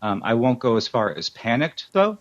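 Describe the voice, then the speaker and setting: An American man being interviewed as a podcast guest, answering in a measured way with frequent ums. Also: mid-range voice, big pitch swings, dry recording, dull audio. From United States. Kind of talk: casual interview over a remote call.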